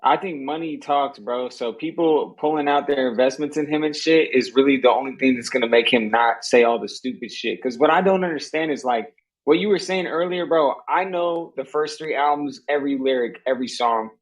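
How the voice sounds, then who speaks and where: A young man in a casual podcast chat, speaking in a loose, slangy, relaxed way. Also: mid-range voice, brisk, poor audio.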